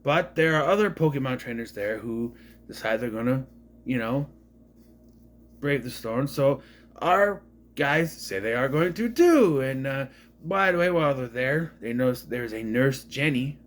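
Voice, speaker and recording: Rambling, animated man from Minnesota. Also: mid-range voice, a little slow. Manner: rambling, self-correcting, wry asides. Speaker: movie reviewer. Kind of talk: casual movie recap.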